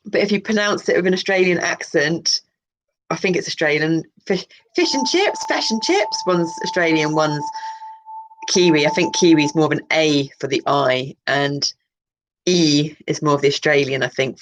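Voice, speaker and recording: Low-voiced woman reading with rambling asides. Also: fairly even intonation, normal speed, noisy background. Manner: wandering, self-interrupting, musing. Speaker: channel host reading a colour card deck.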